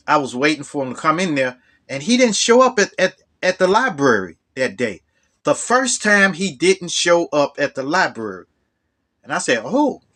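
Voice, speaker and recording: A man telling a true story from his own life in a loose, casual way. His voice sits fairly high for a man and leaps higher when he gets worked up. He repeats words as he talks. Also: fairly bright tone.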